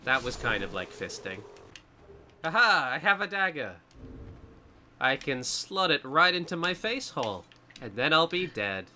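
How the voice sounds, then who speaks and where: A man's voice: on the high side, big pitch swings, measured pace, long pauses, sharp tone, a little hiss or hum. A man co-hosting a casual gameplay video, joking and rambling as he plays and mocks himself. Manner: jokey, rambling, self-mocking. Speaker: gaming co-host.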